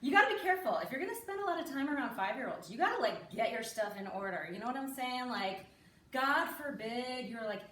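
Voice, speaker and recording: A woman's voice: a little high, animated, fast talker, bright, forceful tone, slight background noise. Chatty woman doing stand-up, roomy and distant. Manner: chatty, confiding, keeps tagging lines with "right?". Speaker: stand-up comedian. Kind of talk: stand-up comedy set. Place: live comedy stage with audience.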